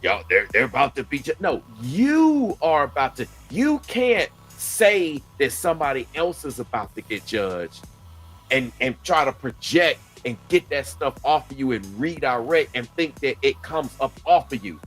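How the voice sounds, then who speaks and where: A man's voice: mid-range voice, lively intonation, a little slow, slightly rough. Man, talk host, earnest and preachy in casual conversation, faint music underneath. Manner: earnest, preaching about scripture and faith. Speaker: host of a faith-based talk channel. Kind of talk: casual chat.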